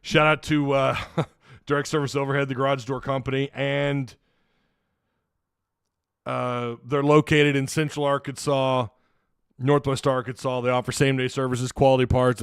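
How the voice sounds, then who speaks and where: Man, sports stream host, rambling, smooth voice, dry close mic. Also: mid-range voice, little pitch movement, moderate pace, no echo. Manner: rambling, gets flustered over tech trouble. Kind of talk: casual livestream talk. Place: home studio room.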